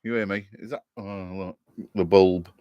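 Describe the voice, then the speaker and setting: A man's voice: deep voice, fairly even intonation, moderate pace, smooth, no echo, lo-fi sound. Tipsy man chatting on a live stream. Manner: chatty, jokey, greets viewers by name. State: a bit tipsy. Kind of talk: casual live stream chat. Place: garden shed.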